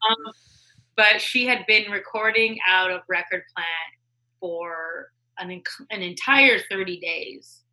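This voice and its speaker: Bright-voiced woman telling stories. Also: mid-range voice, takes it slowly, rough recording. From United States. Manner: animated, acts out quoted voices, laughs often. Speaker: guest, music executive. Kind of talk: casual interview storytelling.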